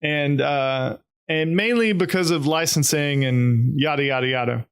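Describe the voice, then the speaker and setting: A man's voice: fairly high pitch, a little slow, clear, resonant tone. A man with a Texan accent, co-hosting a podcast in easygoing, chatty casual talk that trails off with fillers. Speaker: podcast co-host. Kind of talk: casual chat.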